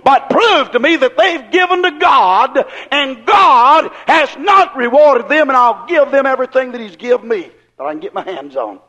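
A man preaching a sermon in a fervent, folksy way, firing rhetorical questions at the congregation and rising into shouts. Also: extremely high pitch, lively intonation, normal speed, few pauses. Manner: acts out quoted people in voices.

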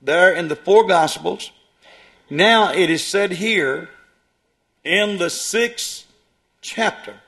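A man's voice: sits high, slow pace, vocal fry, long pauses, a bit bright. A man preaching a sermon, reading long scripture passages aloud and then commenting on them with hesitations.

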